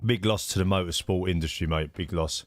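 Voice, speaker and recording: Male streamer, deep voice, dry close sound, faint music underneath, chatty host greeting his viewers. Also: a little fast, no room sound. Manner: chatty, greets viewers by name, many fillers. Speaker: streamer hosting a racing league. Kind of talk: casual live-stream chat.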